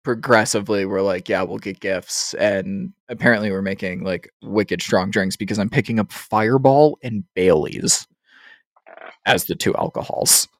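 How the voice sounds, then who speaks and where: A man hosts a podcast in relaxed, swearing banter, his fairly low voice close and dry on the mic. He chats loosely and breaks into laughter often. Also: normal speed, no echo. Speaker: podcast host. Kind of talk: casual chat.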